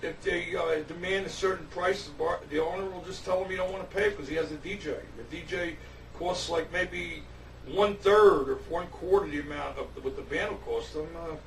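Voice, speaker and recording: A man's voice: fairly high pitch, normal speed, gravelly. Older guy, a raconteur with a raised voice, recorded far off with room echo and faint background noise. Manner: animated anecdotes, many fillers and restarts. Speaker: drummer telling stories. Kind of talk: casual storytelling. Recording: echoey room, distant mic, faint ambience.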